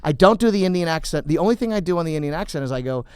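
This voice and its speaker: A man's voice: on the high side, very fast, smooth, dry recording. A man, a comedian guest, telling stories in a casual chat and slipping into character voices, recorded in a podcast studio. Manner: animated storyteller, jumps into character voices.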